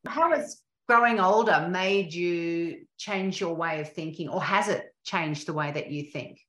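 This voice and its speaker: Middle-aged woman podcast host, thoughtful and musing, lowish voice, roomy echo. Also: measured pace, a bit bright. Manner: reflective, thoughtful, some restarts. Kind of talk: interview conversation. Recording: echoey room.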